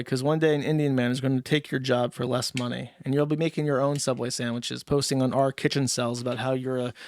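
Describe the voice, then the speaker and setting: A man hosting a livestream, reading paid chat messages and ranting in a crude, mocking way, sometimes jumping into squeaky put-on voices. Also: dry recording. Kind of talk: casual crude livestream rant.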